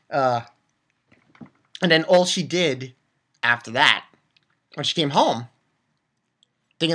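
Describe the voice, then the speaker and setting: A man giving a casual, rambling recap of an anime episode, excitable and quick to swear and laugh. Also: on the high side. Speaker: anime reviewer.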